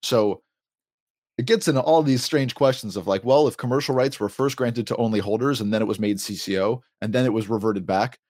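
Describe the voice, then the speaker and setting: A man's voice: medium pitch, a little fast, darkish tone, no room sound, studio quality. A man hosting a podcast, chatting casually and explaining things at length with small laughs. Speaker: podcast host.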